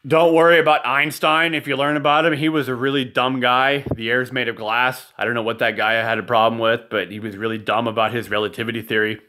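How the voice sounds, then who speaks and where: This father, recording a message indoors at home beside a nightlight, speaks in a medium-pitched, flat, pushed and bright voice, moving briskly with hardly any pauses. He rambles loosely to the camera, apologizes repeatedly, and at times turns profane and ranty.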